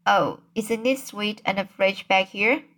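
A woman voicing an imaginative young girl, reading slowly and earnestly. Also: mid-range voice, a bit bright.

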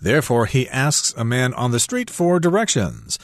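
A man of ordinary pitch talks through an English lesson dialogue at an even, friendly pace. The voice sits close to the mic in a dry studio. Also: moderate pace, no room sound. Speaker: English teacher co-host. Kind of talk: radio English lesson explanation.

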